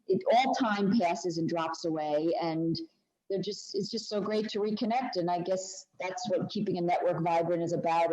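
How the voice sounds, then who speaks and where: A woman's voice: fairly low pitch, mellow, lo-fi sound. An older woman co-presenting an online workshop, speaking reflectively in a conversational way over a video call. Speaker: webinar co-presenter. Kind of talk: casual talk to an online audience.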